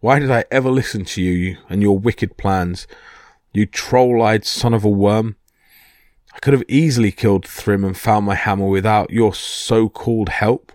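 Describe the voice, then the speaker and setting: A man's voice: lowish voice, moderate pace, a little mellow, dry recording, clean studio sound, close to an everyday voice. A man doing a bellowing hot-tempered thunder god. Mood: angry. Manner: bellowing, blustering.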